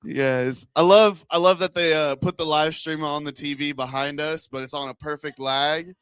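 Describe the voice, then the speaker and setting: Comedian guy on stage mic, kinda high voice, keeps cracking up at himself, dry close sound. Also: steady tone, moderate pace, fairly bright tone, clean tone, no echo. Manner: rambling, laughs at his own jokes. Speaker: stand-up comedian. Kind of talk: stand-up set with crowd work.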